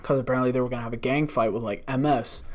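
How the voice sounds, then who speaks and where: Rapid-fire and medium-pitched, a young man appears as a guest on a podcast, swapping wild stories about work in a relaxed, storytelling way. He's animated and profane, and he acts out the quotes.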